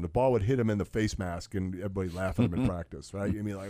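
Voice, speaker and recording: A man's voice: lowish voice, fairly even intonation, brisk, darkish tone. A man who played football, chatting casually and telling rambling anecdotes with plenty of fillers. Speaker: co-host, former football player. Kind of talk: casual sports chat, storytelling.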